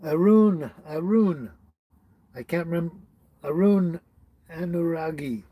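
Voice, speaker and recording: A man's voice: fairly high pitch, slow pace, dry recording, dull audio. A man from British Columbia hosting a casual livestream at home, greeting viewers by name, chuckling often and stumbling over names. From British Columbia, Canada. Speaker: livestream host. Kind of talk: casual livestream chat reading comments.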